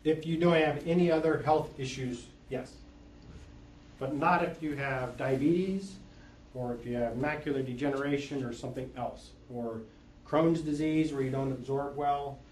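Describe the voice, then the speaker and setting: A man's voice: mid-range voice, normal speed, darkish tone, slight background noise. A man who works as an eye doctor, patiently explaining lenses and eye health with everyday comparisons. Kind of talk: explaining to an audience. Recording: echoey room, mic from far off.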